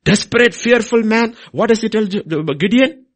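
A middle-aged man preaching a sermon, swinging between loud emphasis and quiet asides. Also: high voice, steady tone, normal speed.

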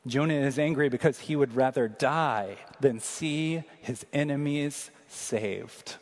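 A man preaching an earnest, emphatic sermon, slowing down to read scripture aloud. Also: medium pitch. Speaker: pastor. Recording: long reverb of a large hall.

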